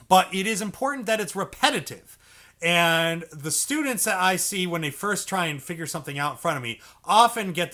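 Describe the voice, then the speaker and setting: Male sax teacher, high animated voice, patient step-by-step coaching. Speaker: saxophone teacher. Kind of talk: instructional explanation for beginners.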